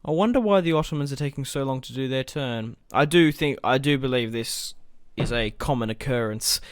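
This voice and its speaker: A man's voice: mid-range voice, smooth, no room sound, studio quality. A young man giving casual, rambling let's-play commentary as he plays, thinking aloud and swearing now and then. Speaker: gaming let's-play host.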